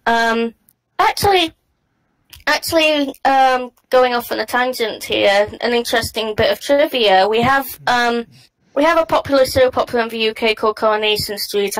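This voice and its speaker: An English woman co-hosting a podcast, talking casually and pausing to search for the right words. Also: fairly high pitch, low-quality recording. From England. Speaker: podcast co-host.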